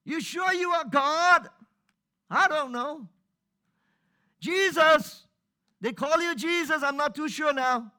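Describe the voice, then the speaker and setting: A man voicing a frustrated believer who cries out at God, pleading and accusing in a loud, strained voice. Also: slow, long pauses, exaggerated voice. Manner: pleading, accusing, shouting high.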